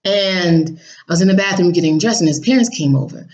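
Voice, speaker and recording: A woman's voice: on the low side, a little fast, darkish tone, muffled recording. A woman casually telling her viewers about a dream, blunt and sassy, acting out what people said in raised voices. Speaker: vlogger recounting a dream.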